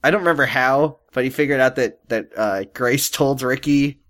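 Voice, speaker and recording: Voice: medium pitch, normal speed, fairly bright tone. A podcast co-host recapping a TV episode in casual chat, joking and restarting sentences often.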